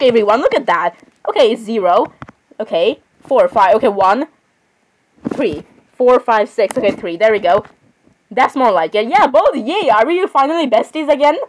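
A woman's voice: on the high side, low-quality recording. A woman giving casual let's-play commentary on a horror game. She is chatty, giggles often, apologizes a lot and talks to the game characters. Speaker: gamer playing a horror game.

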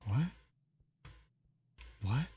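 A man giving casual let's-play commentary on a horror game, chatty and quick to exclaim, often repeating himself. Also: muffled recording. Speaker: gamer playing a horror game.

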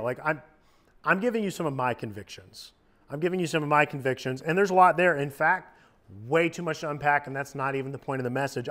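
A man who is a youth minister, giving a casual sermon in a lively, joking conversational way. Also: mid-range voice. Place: church youth service.

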